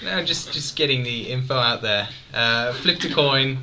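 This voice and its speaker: A man's voice: mid-range voice, animated, a little slow, over a noisy crowd. A man voicing an illiterate disgraced monk prisoner, rambling cheerfully through his confession.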